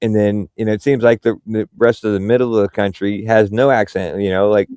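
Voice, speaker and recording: A man's voice: fairly low pitch, level tone, fairly quick, mellow, clean tone, no echo, studio quality. A man from Central Ohio with a Midwestern accent, chatting casually with many fillers and restarts. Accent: Midwestern American. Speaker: podcast host. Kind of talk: casual chat.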